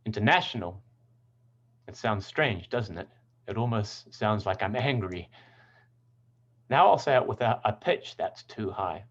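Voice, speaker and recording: A man teaching English pronunciation, speaking in clear, deliberate tones and carefully sounding out example words. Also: fairly low pitch, lively intonation, muffled recording. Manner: clear, deliberate word demonstrations. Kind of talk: scripted lesson narration.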